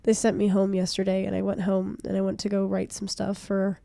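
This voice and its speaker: A young woman with a cold, her voice hoarse and stuffy, chatting casually and self-deprecatingly while streaming a game from a small room. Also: medium pitch, completely flat delivery, brisk, mellow, dry recording. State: congested from a cold.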